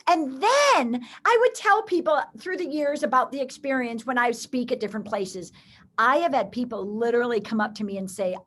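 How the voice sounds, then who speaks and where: A woman recounts faith stories as an interview guest. Her voice sits high and moves through a wide, lively range. She brings each quoted line to life as she tells it. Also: a little fast. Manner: expressive, acts out quoted voices. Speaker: guest storyteller. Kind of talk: animated faith storytelling.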